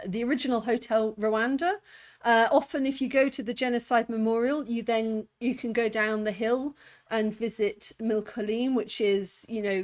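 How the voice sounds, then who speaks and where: A woman casually reacting to a travel video, chatty and jokey, laughing often. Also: a little high. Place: indoors at home.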